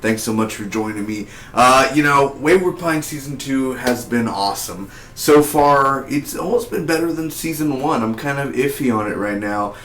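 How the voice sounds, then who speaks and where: A man giving a casual spoiler review of a TV episode, talking in an excitable, rambling way with lots of fillers and restarts. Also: medium pitch, moderate pace, hardly any pauses, a little hiss or hum. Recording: echoey room.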